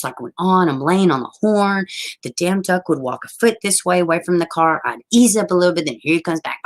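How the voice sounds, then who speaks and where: A woman hosting a casual livestream, telling a story in a lively, profane way with a lot of laughing, and answering viewer comments as she goes. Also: deep voice, normal speed, low-quality recording. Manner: animated, profane, laughing often. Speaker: livestream host.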